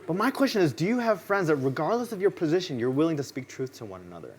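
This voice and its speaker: A man preaching a sermon in a relaxed, conversational way, telling personal stories and acting out what people said in them. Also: fairly high pitch, fast talker, breathy edge. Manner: casual, conversational storytelling; acts out quoted lines in his stories. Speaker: pastor. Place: church.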